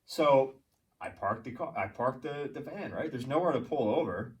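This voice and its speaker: A man's voice: medium pitch, normal speed. A man, co-hosting a podcast and telling a story in casual chat, swearing freely and acting out the people in it. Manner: profane, animated storyteller acting out quotes. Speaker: podcast co-host. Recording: distant mic, faint noise.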